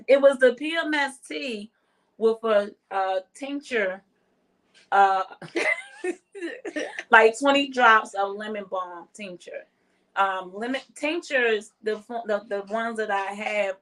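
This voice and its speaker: A woman, an herbalist guest on a podcast, explaining her remedies with many fillers and soft laughs. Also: medium pitch, takes it slowly. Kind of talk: casual chat, explaining remedies.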